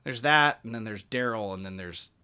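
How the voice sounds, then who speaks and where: A man's voice: lowish voice, moderate pace, clear, resonant tone. A man, a musician, telling stories casually as a podcast guest and acting out the people in them. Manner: animated, acts out quoted dialogue. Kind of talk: casual storytelling.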